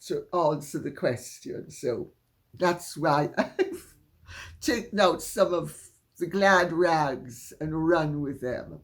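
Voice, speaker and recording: A woman with an upper-class Jamaican accent, hosting her own channel and answering viewer questions in a measured, deliberate way. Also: low voice. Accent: Jamaican, Upper Saint Andrew. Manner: deliberate, measured, drawn-out phrasing with frequent laughs. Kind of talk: casual solo talk to camera.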